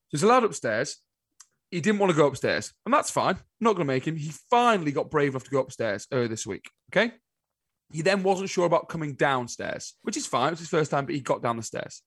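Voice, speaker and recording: A man co-hosting a casual chat show, telling stories in an animated, exasperated way. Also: on the high side, husky, dry recording. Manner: animated storytelling, exasperated asides. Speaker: podcast co-host.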